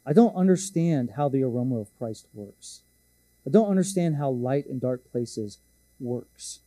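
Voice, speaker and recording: A man's voice: mid-range voice, expressive, unhurried, warm tone, no room sound. A man preaching a sermon, telling a story in a casual, joking, self-deprecating way. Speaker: pastor.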